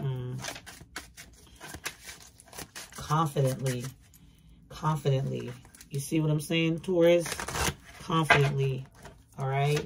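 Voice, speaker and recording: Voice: mid-range voice, darkish tone, a little hiss or hum. Blunt, emphatic tarot reader. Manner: emphatic, repetitive, blunt and profane. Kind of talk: casual tarot reading.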